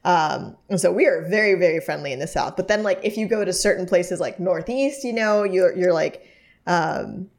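A woman co-hosting a Texas podcast speaks with a fairly low, darkish voice at a moderate pace. Her storytelling wanders and leans heavily on fillers, all in a casual chatty style.

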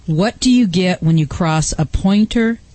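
A woman co-hosting a radio show, telling jokes with a deliberate setup. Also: on the low side, darkish tone, a little hiss or hum. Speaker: radio co-host.

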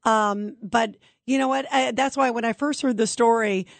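A woman's voice: on the high side, fairly even intonation, normal speed, no room sound. A woman hosting a talk radio show, speaking emphatically and conversationally with many fillers.

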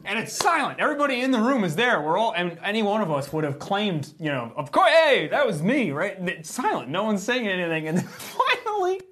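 Animated storytelling man. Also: high-pitched, fast, hardly any pauses. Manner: animated storyteller, acts out quotes. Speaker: sister's fiance. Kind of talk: casual chat, storytelling.

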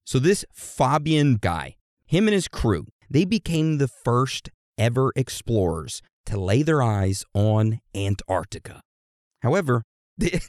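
A man's voice: mid-range voice, a little mellow, no echo, clean studio sound. A man telling history as a crude, irreverent comedy lesson, full of slang and swearing. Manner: addresses listeners like a class. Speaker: storyteller explaining history.

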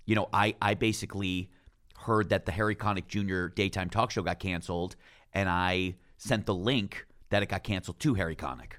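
A man's voice: deep voice, steady tone, a little fast, a bit bright. A man co-hosting a podcast who shares gossip in long, casual asides and acts out quotes. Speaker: podcast co-host. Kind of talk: casual chat.

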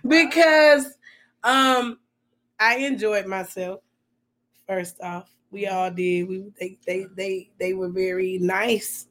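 A woman's voice: mid-range voice, takes it slowly, a bit bright. A woman co-hosting a podcast in casual chat, candid and storytelling, often repeating her words. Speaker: podcast co-host.

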